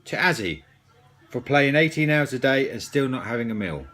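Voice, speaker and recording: A man hosting a joke news bulletin, dry and offhand, reading out shout-outs. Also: mid-range voice, expressive, normal speed. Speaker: mock news host.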